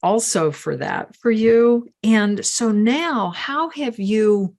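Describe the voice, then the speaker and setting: A woman's voice: fairly high pitch, expressive, slow, a little mellow. A woman hosting an interview, giving affirming and encouraging replies to her guest. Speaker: podcast host. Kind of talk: casual interview conversation.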